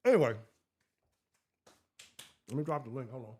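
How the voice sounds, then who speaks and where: A man's voice: medium pitch, normal speed. A man hosting a live-streamed sports talk show, heated and profane, talking straight to his chat. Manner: profane, heated and animated, talks to chat directly.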